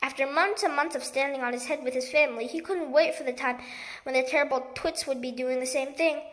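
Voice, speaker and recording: A woman reading a children's book aloud in a lively storytelling manner. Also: sits high, brisk. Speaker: storybook reader.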